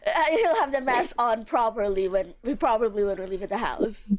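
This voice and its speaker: A woman streaming a game live, excitable, giggly and crude in her chat. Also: on the high side, moderate pace.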